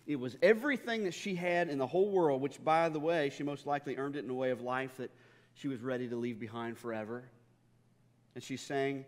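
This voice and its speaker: A man's voice: medium pitch, fairly quick, big-room sound. A man preaching a sermon, telling stories with humor and often repeating his words as he goes. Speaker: pastor.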